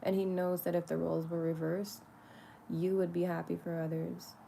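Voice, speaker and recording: A woman's voice: on the low side, flat delivery, moderate pace, vocal fry, slight background noise. A woman speaking casually and candidly to the camera in a spiritual vlog, swearing freely and laughing often. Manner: talks to herself lovingly in soft asides. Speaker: spiritual vlogger.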